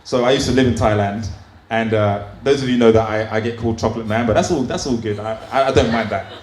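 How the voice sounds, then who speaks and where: A man's voice: mid-range voice, fast, darkish tone, a little hiss or hum. A man doing open mic stand-up in a small comedy club, telling crude stories in a chatty way full of fillers. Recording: roomy club sound, faint ambience.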